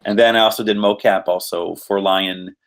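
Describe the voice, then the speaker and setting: A man from Quebec with a lowish voice and a moderate pace walks through his acting roles on a podcast; he does voice and motion capture work. He's animated and rambling, his talk full of fillers.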